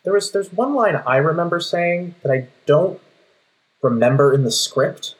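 A male voice actor casually telling stories about recording sessions, speaking in quick bursts. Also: on the high side, rough recording. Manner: lively storyteller, quick bursts. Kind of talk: casual panel chat.

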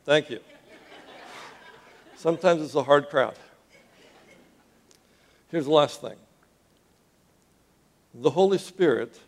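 A male preacher delivering a sermon, his voice sitting a little higher than most men's. He calls out to the congregation with repeated questions and sinks into hushed, earnest tones while storytelling. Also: slow, long pauses. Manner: call-and-response with the congregation, dropping to quiet intensity.

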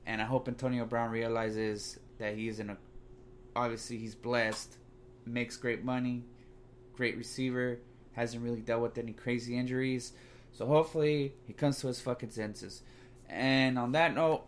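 A man's voice: mid-range voice, steady tone, normal speed, slight background noise. A man giving a heated, profane, casual sports rant to his audience. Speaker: sports commentator.

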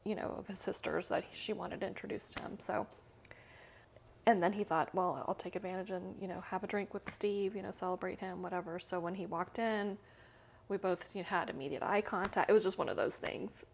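A woman in her fifties from Central America tells her own story as an interview guest. Her voice sits at a middle pitch, and she talks in a loose, chatty way, with many fillers and small laughs. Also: steady tone, fairly quick, gravelly, slight background noise. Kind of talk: casual personal storytelling.

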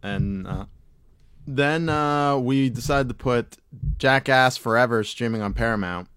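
A podcast co-host chats casually in an unhurried, mid-range voice with a fairly bright, clean tone. He rambles, swears freely, and laughs often, and the recording is dry with clean studio sound.

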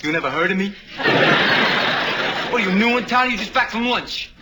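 A man's voice: sits high, expressive, normal speed. An actor playing a cocky young male greaser who answers a phone with swagger, heard as a noisy old TV clip.

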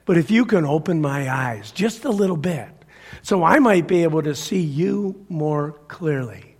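Husky, dramatic male preacher. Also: a little high, lively intonation, a little slow. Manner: dramatic shifts from loud emphasis to hushed near-whisper. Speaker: pastor. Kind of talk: sermon.

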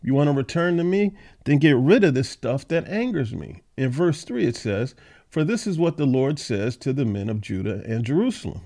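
A man with a warm, medium-pitched voice and a sing-song delivery speaks at normal speed. As host of a Bible study podcast, he reads scripture aloud and follows it with plain, chatty explanations.

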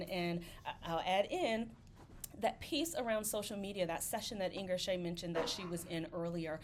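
Encouraging woman coach, faint background hum. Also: medium pitch. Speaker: ADHD coach. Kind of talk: casual group reflection.

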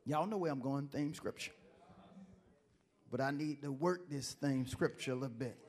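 A male pastor preaches a sermon, shifting from quiet, conversational asides into loud, emphatic call-and-response lines. His pitch is medium and his speed normal.

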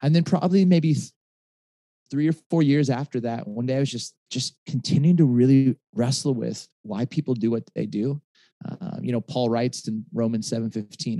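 Male pastor guest telling his story, lots of restarts and ums, dark dry sound. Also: medium pitch, normal speed, no room sound. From Michigan. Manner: animated, with many restarts and fillers. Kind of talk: conversational interview storytelling.

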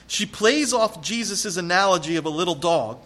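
A male pastor preaching with an animated, emphatic delivery. His fairly high voice leaps and drops as he tells a story and speaks straight to the congregation. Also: moderate pace. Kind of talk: sermon.

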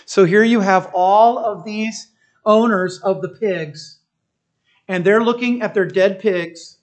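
A pastor preaching a sermon. The pastor tells the story in an animated way, often checking in with listeners and restarting phrases while thinking aloud. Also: mid-range voice, slow. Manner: animated storytelling, keeps asking listeners "right?".

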